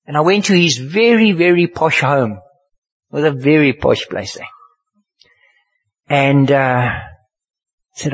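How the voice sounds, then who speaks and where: An older man, preaching a sermon and telling a story, swinging from hushed to loud, with a husky voice. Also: a little high, slow, long pauses. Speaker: pastor. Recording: dull lo-fi sermon recording.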